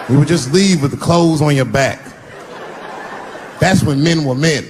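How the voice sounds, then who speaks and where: A man telling stand-up stories on stage, animated, swinging between shouts and low mutters. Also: a little slow. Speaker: stand-up comedian. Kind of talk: stand-up storytelling. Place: stage before a live audience. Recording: live stage recording with background noise.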